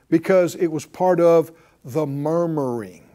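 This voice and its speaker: Slow, lively-pitched preacher man. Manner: conversational, asks the audience questions, chuckles often. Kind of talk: sermon teaching.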